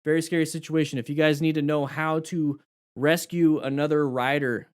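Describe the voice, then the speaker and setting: Animated man teaching motorcycle safety. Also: fairly high pitch, moderate pace, clear, resonant tone. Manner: animated, acts out rider dialogue and questions. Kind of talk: live commentary over a crash video.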